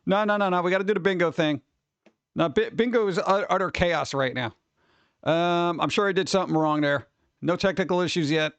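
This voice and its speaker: Excitable high-voiced man streaming. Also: fairly quick, clear, resonant tone, no room sound. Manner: excitable and rambling, laughs often. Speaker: livestream host. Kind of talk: casual chat with live viewers.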